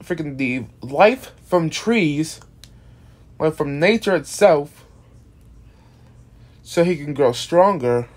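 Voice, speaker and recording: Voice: medium pitch, expressive, slow pace, pauses often, darkish tone. A casual video creator explaining an original monster character, rambling with many restarts and casual swearing, sounding tired. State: tired, yawning.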